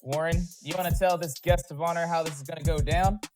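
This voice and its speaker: A man's voice: a little high, fairly even intonation, fast talker, darkish tone, faint music behind. A man co-hosting a casual show, joking around in a playful, hyped manner. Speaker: co-host. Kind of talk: casual chat show banter.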